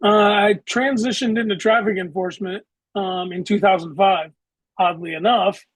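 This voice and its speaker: Husky high-voiced man telling stories. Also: fairly even intonation, moderate pace, no echo, low-quality recording. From Southeastern United States. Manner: matter-of-fact, vivid storyteller. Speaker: guest, former traffic police officer. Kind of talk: interview storytelling.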